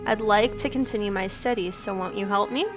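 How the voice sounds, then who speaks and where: A woman's voice: mid-range voice, a little fast, close to an everyday voice. A woman voicing a kindly female researcher who studies hot springs, reading the quest lines in her plain voice. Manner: read aloud in her own plain voice. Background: game music.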